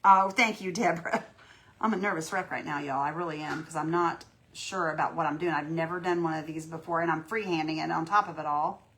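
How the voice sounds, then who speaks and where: A woman's voice: deep voice, steady tone, a little fast, fairly bright tone. A woman hosting a casual live painting tutorial, folksy and chatty, greeting viewers by name and talking herself through each step. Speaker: craft livestream host.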